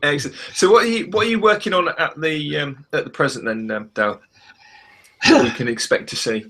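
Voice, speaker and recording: Male podcast co-host, wry and joking, bright tone with a husky edge. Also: on the high side, brisk. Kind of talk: casual podcast chat.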